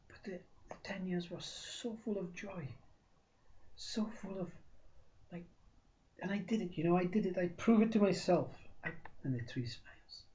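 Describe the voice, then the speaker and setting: A man tells a story with a mellow, fairly high voice, playing out the dialogue between its people. He swings from loud bursts to near whispers. The recording sounds dull and lo-fi. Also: moderate pace, slight background noise. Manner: acts out both sides of a dialogue, shifting loudness, drops to whispers. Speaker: spiritual teacher. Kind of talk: storytelling talk.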